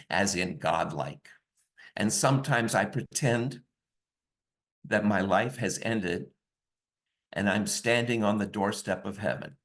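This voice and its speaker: A man telling a personal story over a video call, in a slow, reflective and intimate way. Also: fairly low pitch, vocal fry, a bit bright.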